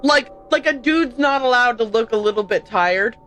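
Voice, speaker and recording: A woman streaming a game, chatting in an excitable, jokey, self-deprecating way with quick tangents. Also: on the high side, faint music behind, poor audio. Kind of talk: livestream gameplay commentary.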